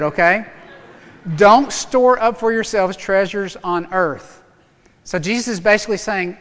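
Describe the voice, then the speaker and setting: Male pastor, high-pitched, lively sermon delivery with humor, recorded in a echoey sanctuary. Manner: animated, emphatic preaching with humor.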